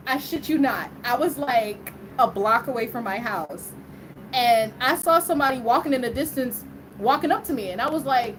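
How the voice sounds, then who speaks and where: High-voiced woman telling a prank story. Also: animated, normal speed, noisy background. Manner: laughs often, acts out quoted voices. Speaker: vlogger. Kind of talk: casual storytelling.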